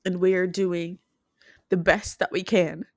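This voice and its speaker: Heartfelt woman vlogging, low dry voice. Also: flat delivery, darkish tone, no room sound. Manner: heartfelt, halting, many restarts. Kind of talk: emotional personal vlog.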